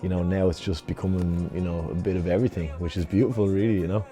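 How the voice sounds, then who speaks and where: A man's voice: low-pitched, steady tone, fast talker, music in the background. A man from Dublin in a casual interview, rambling chattily with lots of fillers and tag questions. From Dublin, Ireland. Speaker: rapper interviewee.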